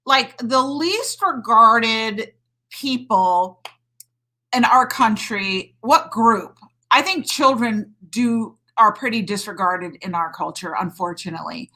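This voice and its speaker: A woman's voice: fairly high pitch, pushed and bright, poor audio. A middle-aged woman doctor and hormone coach talking emphatically on a live stream, greeting viewers and saying "friggin'" a lot.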